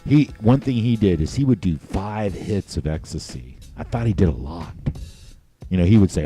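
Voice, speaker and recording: Deep, dark-voiced man telling wild stories. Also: normal speed, faint music behind. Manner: animated storyteller, acts out voices of people in his stories; crude, swears freely. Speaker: podcast co-host. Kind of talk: casual storytelling chat.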